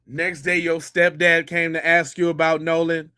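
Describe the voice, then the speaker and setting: A man's voice: fairly high pitch, flat delivery, moderate pace, sharp tone, clean tone. A middle-aged man hosting a podcast, giving mocking, incredulous, slangy commentary on a clip.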